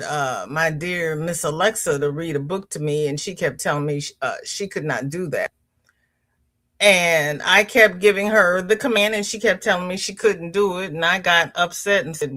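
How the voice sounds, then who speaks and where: A woman hosting a crochet livestream, chatting casually, greeting viewers by name and reading their comments aloud. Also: a bit bright. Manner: leisurely, chatty, with pitch jumps on greetings.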